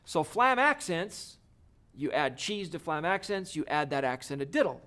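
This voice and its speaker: A man's voice: a little high, brisk, noisy background. A man teaching a drum lesson, explaining each step in an encouraging way. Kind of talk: video lesson.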